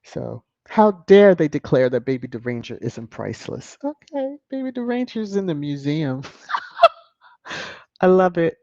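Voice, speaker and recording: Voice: medium pitch, animated, normal speed, dark tone, dry recording. A commentator on a video channel, sassy and mocking, chuckling often while reading headlines and viewer comments aloud. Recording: dull lo-fi, dry close mic.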